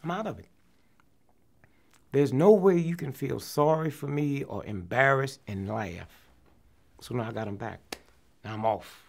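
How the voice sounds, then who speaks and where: An older man, a comedian, telling a story from his career in an interview, acting out the people in it and dropping to hushed near-whispers. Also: mid-range voice, a little slow, vocal fry, long pauses. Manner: animated storyteller, acts out quotes, drops to hushed near-whispers.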